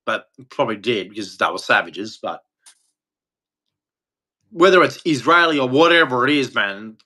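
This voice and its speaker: A man's voice: mid-range voice, sharp tone. Angry Australian man ranting bluntly. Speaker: live-stream host. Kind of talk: ranting monologue.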